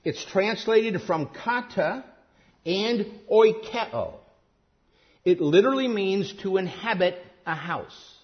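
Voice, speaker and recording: A man preaching a sermon emphatically, rising to stress key words and then dropping low and quiet. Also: expressive, unhurried, hardly any pauses, dull audio.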